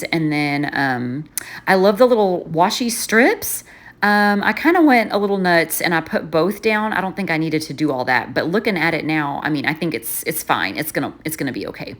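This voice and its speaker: A woman vlogger chatting casually while setting up her planner, rambling and poking fun at herself. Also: low voice. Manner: rambling, chatty and self-mocking, often trailing off.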